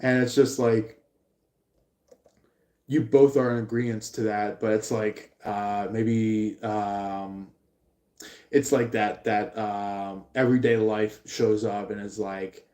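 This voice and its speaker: A man giving a live tarot reading, rambling and halting with many fillers. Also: lowish voice, level tone, darkish tone. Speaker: tarot reader. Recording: roomy echo.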